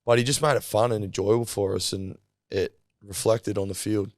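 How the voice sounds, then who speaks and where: Aussie footballer guest, easygoing, low voice, dry close sound. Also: male voice, steady tone, moderate pace, dry recording. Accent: Australian. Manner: laid-back storytelling, swears, laughs mid-sentence. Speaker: podcast guest, rugby league player. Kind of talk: casual chat. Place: podcast studio.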